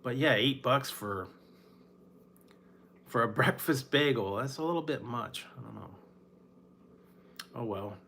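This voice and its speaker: A man from Northern California talks in a loose, rambling way, often breaking into small laughs and sighs. His voice is bright and forward, with a faint hum of room noise behind him. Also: medium pitch, measured pace, vocal fry, pauses often. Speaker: food reviewer. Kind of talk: casual late-night chat.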